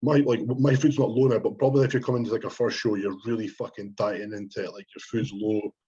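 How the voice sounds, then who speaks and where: A young Scottish man with a husky, fairly low voice chats on a podcast. He rambles, swears freely and bursts into quoting himself. The sound is dull and lo-fi. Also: fairly even intonation, quick pace, warm tone. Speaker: podcast co-host, bodybuilder. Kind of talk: casual chat.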